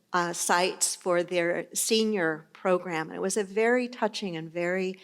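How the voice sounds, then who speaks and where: A middle-aged woman pastor giving a sermon in a conversational, storytelling manner. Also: mid-range voice.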